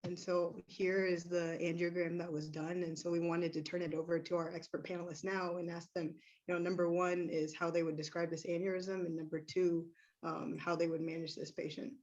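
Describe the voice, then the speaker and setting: A hoarse woman resident presenting a medical case over a video call, speaking in a measured, clinical way with frequent fillers. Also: lowish voice, level tone, a little mellow, highs cut off.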